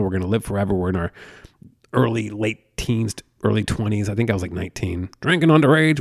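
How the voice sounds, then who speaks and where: This is a man in his thirties with a gravelly, fry-tinged voice, hosting a podcast from his home. He talks in loose, swear-heavy rambles that keep drifting off on tangents. The recording sounds dry, with the mic close to him. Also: medium pitch, a little mellow, dry recording. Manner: profane, tangent-prone storytelling. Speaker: podcast host. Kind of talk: casual rambling chat.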